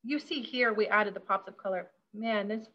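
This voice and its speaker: A woman's voice: mid-range voice, normal speed, muffled recording. Bubbly, giggly woman caterer demonstrating. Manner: bubbly and chatty, giggling often. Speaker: caterer leading a workshop. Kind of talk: casual hands-on demonstration.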